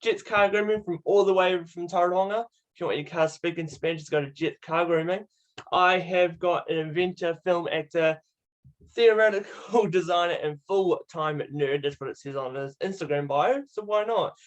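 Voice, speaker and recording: A man's voice: high voice, moderate pace, muffled recording. Upbeat man hosting an interview. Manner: upbeat, asks short questions, laughs. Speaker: podcast host. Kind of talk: casual interview.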